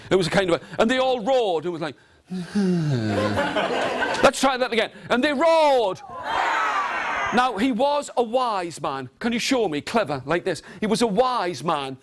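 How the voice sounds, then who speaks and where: A male storyteller running an interactive workshop for a live audience. He speaks in a bright, high voice that swings up and down all the time, theatrical and animated as he coaxes the listeners into call-and-response. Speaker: storyteller and teacher trainer. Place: large room with a live audience.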